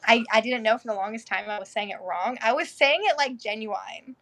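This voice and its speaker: A woman's voice: a little high, fast talker, a bit bright. A woman guest in a casual interview who chats freely, laughs often and swears now and then.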